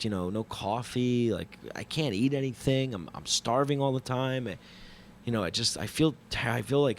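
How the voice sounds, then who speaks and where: Man, mid-pitch, swearing storyteller, faint noise behind, casual monologue host. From New York. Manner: profane, animated, self-mocking retelling. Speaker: podcast host telling a travel story.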